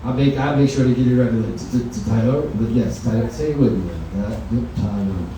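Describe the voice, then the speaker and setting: Profane stand-up comic in an echoey room. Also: male voice, medium pitch, fast, recorded from a distance, noisy background. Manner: profane, loose conversational storytelling. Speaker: stand-up comedian. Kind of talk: stand-up comedy set. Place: comedy venue lounge, indoors.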